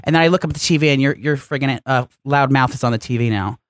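A man co-hosting a chatty podcast in a campy, teasing manner, putting on mock airs. His voice sits at a middling pitch. The sound is dry and close, with no room around it. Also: fast talker, dry recording. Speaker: podcast co-host. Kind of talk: casual chat. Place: studio.

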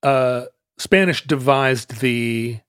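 A man's voice: mid-range voice, drawn-out words, fairly bright tone, smooth, no echo, studio quality. A man co-hosting a casual chat, musing aloud and often restarting his thoughts.

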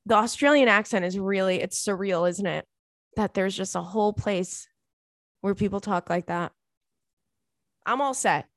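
A woman's voice: medium pitch, no room sound, studio quality. Blunt young woman podcast host. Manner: blunt, candid, swears freely. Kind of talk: casual advice chat.

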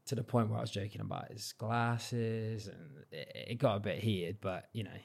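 A man's voice: on the low side, moderate pace, vocal fry, slightly rough. A man, a podcast guest telling a story in casual chat and acting out the dialogue in it. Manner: animated, acts out quoted dialogue.

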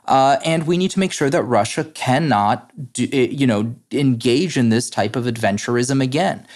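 A man's voice: mid-range voice, normal speed. A man speaking as an interview guest, earnest and explanatory, with frequent fillers and restarts. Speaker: guest, head of a democracy nonprofit. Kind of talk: interview conversation.

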